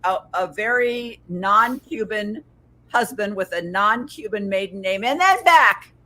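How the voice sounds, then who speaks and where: Middle-aged woman host, mid pitch, eager and affirming interviewer. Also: expressive, unhurried, pushed and bright. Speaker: podcast host. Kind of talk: casual interview chat.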